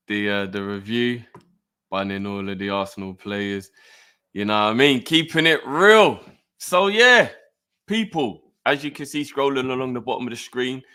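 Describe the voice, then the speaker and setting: A man hosting a live football fan review show, talking in a relaxed, chatty way straight to his viewers. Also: lowish voice, clear, resonant tone. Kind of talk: casual live show presenting.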